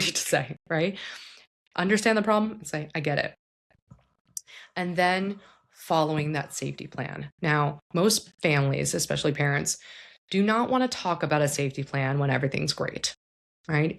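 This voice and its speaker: Low, gravelly-voiced woman giving frank advice. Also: normal speed. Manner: casual, frank, earnest advice with many fillers. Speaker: psychologist host. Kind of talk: educational talk.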